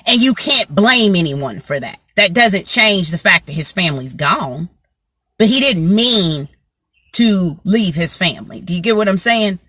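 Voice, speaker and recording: Woman, motivational vlogger, bright tone, dry close sound, chatty storytelling. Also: medium pitch, lively intonation, unhurried, no echo. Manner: chatty, greets viewers by name mid-story; frequent "you know what I'm saying" asides. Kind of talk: casual storytelling to live viewers.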